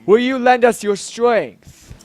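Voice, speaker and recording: A man voicing a regal old male fish king who talks slowly in a formal, old-fashioned way. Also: extremely high pitch, a little mellow, soft background music, pitched above the performer's own voice. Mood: solemn pleading. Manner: slow, stately, old-fashioned speech.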